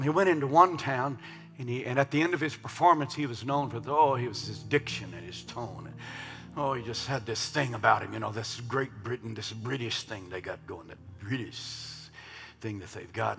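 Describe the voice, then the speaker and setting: A man preaching a sermon in a large church, swinging from hushed murmurs to loud shouts. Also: medium pitch, fairly quick, vocal fry. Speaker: pastor. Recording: long hall reverb with faint music.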